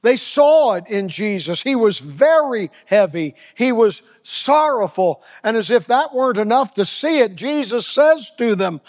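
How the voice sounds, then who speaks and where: A man in his seventies preaching a sermon dramatically, dropping to hushed tones and rising to a raised voice. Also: very high voice, big pitch swings, measured pace, hardly any pauses. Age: 70s. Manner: dramatic, swinging from hushed near-whisper to raised voice. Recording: long reverb of a large hall.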